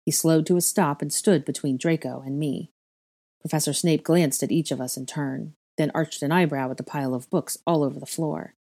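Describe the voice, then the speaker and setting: Woman narrator, storytelling reading, expressive, low pitch, mellow. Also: moderate pace. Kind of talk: fan fiction reading.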